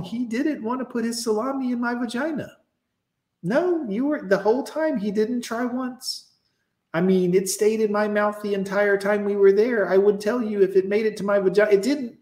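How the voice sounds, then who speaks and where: A man voicing a naive, giddy teenage girl in a higher, breathy, coy voice. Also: normal speed, a little mellow, echoey room, natural voice.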